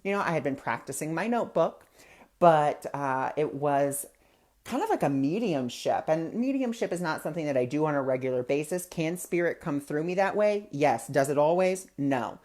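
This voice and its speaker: A man's voice: fairly high pitch, animated, normal speed, a little mellow. A man hosting a weekly spiritual discussion, talking casually and telling personal anecdotes. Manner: chatty, anecdotal, conversational. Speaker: spiritual talk host. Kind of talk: casual spiritual teaching talk.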